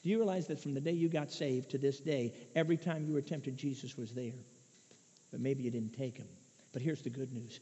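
A man preaching a sermon, swinging between hushed asides and loud shouted peaks. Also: mid-range voice, steady tone, brisk. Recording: muffled echoey hall recording.

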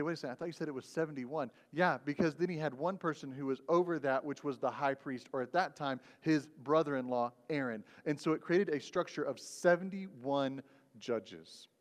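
High-voiced pastor preaching in a hall. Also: male voice. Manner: conversational, asks "right?" often. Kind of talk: sermon. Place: church sanctuary.

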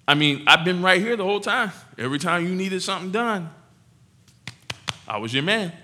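A man voicing a resentful older brother who complains loudly and indignantly. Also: mid-range voice, animated, moderate pace. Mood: aggrieved.

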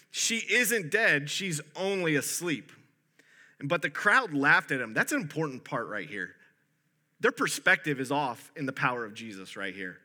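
A male pastor giving a conversational, animated sermon, often restarting his sentences. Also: fairly high pitch.

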